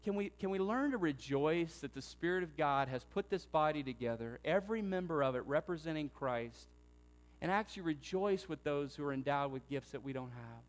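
High-voiced preaching man. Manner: conversational preaching with sudden loud bursts. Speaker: pastor. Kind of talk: sermon.

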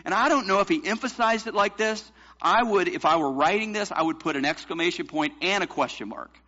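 Male pastor, emphatic sermon delivery, slightly high bright voice, muffled lo-fi recording. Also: brisk. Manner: emphatic preaching, rhetorical questions to the congregation.

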